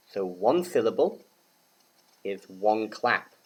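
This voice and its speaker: A man's voice: on the low side, sing-song, slow, slightly rough, low-quality recording. A man from the UK teaching English grammar to learners, speaking patiently, spelling out letters and repeating words for them to say back. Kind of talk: slow, clear classroom instruction for learners.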